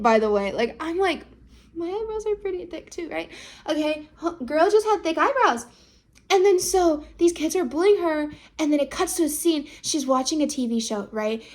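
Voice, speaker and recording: A young woman recapping a drama in a casual, chatty way, peppering her talk with "like" and "okay" and jumping into voices for the people she quotes. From United States. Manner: animated, jumps into high-pitched voices for quoted people.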